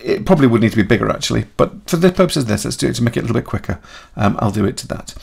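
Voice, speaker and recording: A man talking through a software tutorial in a chatty way, thinking aloud and correcting himself as he goes. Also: mid-range voice, animated, racing, vocal fry, husky. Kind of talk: screen-recorded software tutorial.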